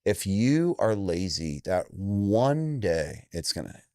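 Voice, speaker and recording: A man's voice: sing-song, slow pace, dark tone, no room sound, studio quality. A man in his forties from Indiana, a fight coach talking bluntly and emphatically in an interview. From Indiana, USA. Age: 40s. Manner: blunt, emphatic, acts out quoted lines with jumps in pitch. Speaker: MMA coach, guest. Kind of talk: candid interview talk.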